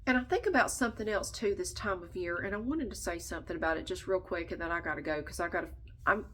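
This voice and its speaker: A woman with a stuffed-up, nasal voice talks casually to her viewers, a little low in pitch. She vents bluntly and swears without a second thought, pausing now and then because she is short of breath. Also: fairly bright tone, a little hiss or hum. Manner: blunt, venting, swears freely. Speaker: vlogger. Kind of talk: casual chat to camera.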